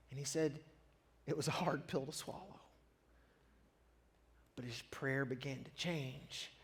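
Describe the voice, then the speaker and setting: A pastor preaching a sermon, telling a personal story with earnest honesty and swelling louder as his feelings rise. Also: mid-range voice, measured pace, pauses often.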